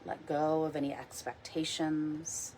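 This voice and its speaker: A woman leading a guided meditation, speaking softly and slowly and repeating calm mantras. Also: deep voice, a little hiss or hum, rough recording. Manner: soft, slow, reassuring, repeats mantras. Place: outdoors or near a window in wind.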